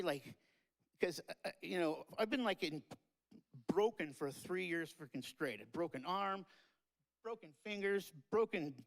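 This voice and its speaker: A man's voice: high voice, gravelly, low-quality recording. Man rambling through a heartfelt eulogy. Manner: rambling, tearful and joking, with many fillers. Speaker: eulogy speaker. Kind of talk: memorial tribute speech. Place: live-streamed memorial event.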